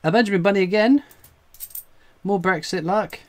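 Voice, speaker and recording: An Englishman whose voice sits high hosts a coin collecting live stream at a moderate pace. The commentary is excited, with frequent exclamations, laughter and a breathless edge.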